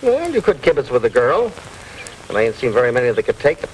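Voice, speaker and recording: An actor playing a brash, wisecracking Brooklyn mechanic in a 1940s film comedy. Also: male voice, mid-range voice, sing-song, slight background noise, close to an everyday voice, rough recording. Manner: brash, fast-talking wisecracks. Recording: old film soundtrack with music.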